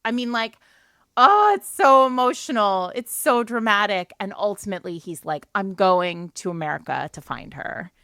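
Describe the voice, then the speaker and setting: A woman co-hosting a book podcast, excitedly retelling a romance novel in casual chat with lots of filler words. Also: medium pitch, normal speed, smooth, dry recording, clean studio sound. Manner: animated storytelling, many filler likes. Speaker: podcast co-host.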